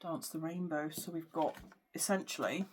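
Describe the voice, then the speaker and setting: A woman's voice: deep voice, moderate pace, a little mellow. A woman psychic giving a spiritual card reading to camera, speaking earnestly and hesitantly with frequent fillers. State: emotional at times. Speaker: psychic medium.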